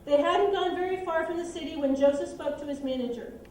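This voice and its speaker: A woman teaching children, narrating a Bible story and directing kids through a skit in a lively, brisk way. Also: extremely high pitch, slight background noise. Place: church room with children. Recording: echoey room, distant mic.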